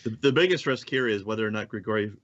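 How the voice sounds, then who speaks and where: A man's voice: fairly low pitch, racing, fairly bright tone, dull audio. A man playing in a casual tabletop game, tossing in dry wisecracks and chuckles. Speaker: player.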